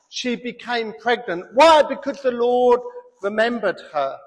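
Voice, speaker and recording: A pastor preaching a sermon in an animated way, breaking into comic voices and building to loud emphasis. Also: male voice, extremely high pitch, measured pace. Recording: long hall reverb.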